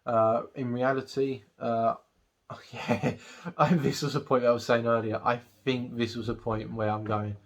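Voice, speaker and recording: A man's voice: mid-range voice, steady tone, moderate pace. A man giving a casual movie review, recapping the plot in a rambling way with lots of ums and uhs. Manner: rambling recap with many fillers. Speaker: film reviewer.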